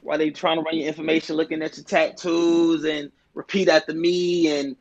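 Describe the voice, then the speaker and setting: A man's voice: on the high side, level tone, a little fast, hardly any pauses, lo-fi sound. A man telling jail stories in loose, profane street slang, full of restarts and repeats, as a podcast guest. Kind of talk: casual storytelling chat.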